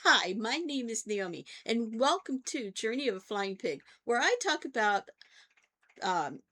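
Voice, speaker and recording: Slow, lively older woman vlogger. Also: fairly high pitch. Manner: chatty storytelling, often checks in with "okay?". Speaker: vlog host and therapist. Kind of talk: casual talk to camera.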